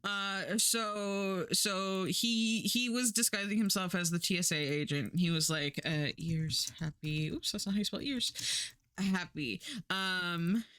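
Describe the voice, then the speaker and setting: A woman's voice: medium pitch, measured pace, hardly any pauses, a bit bright, clear, resonant tone, dry recording, studio quality. A woman streaming live, chatting casually and rambling while she works, laughing often and swearing now and then.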